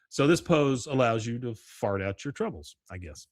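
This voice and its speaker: A man's voice: mid-range voice, animated, normal speed, dry recording, studio quality. A man hosting a podcast, animatedly recapping a cartoon episode and quoting its characters with laughs. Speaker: podcast host.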